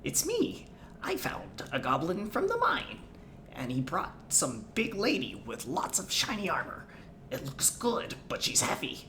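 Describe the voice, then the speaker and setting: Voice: medium pitch, wildly swooping pitch, a little slow, pushed and bright, slight background noise, heavily acted. A player voicing a sly goblin schemer who coaxes and talks people into things. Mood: coaxing. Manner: scheming, coaxing.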